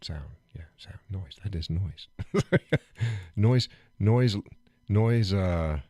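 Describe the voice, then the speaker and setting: Rambling, joking man, lively pitch. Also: drawn-out words, dry recording. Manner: rambling, joking, laughs often, gets loud and worked up. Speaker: live stream host. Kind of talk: casual live-stream chat.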